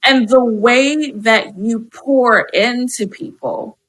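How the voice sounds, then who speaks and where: Bright effusive woman on a podcast, laughs a lot, casual chat. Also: fairly high pitch, slow pace. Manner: effusive and animated, laughs often. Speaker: podcast guest, wedding professional and speaker.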